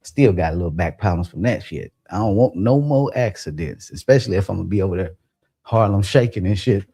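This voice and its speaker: Gravelly-voiced man telling a wild story. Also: fairly quick, no room sound, studio quality. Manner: animated, profane, jumps to high pitch when quoting himself. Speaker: livestream host. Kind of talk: casual storytelling about a dream.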